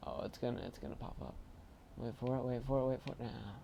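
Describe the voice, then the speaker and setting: A man casually commentating his own video game play, chatty and bursting into excited shouts. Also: medium pitch, fast, creaky, slight background noise. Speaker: gaming channel host.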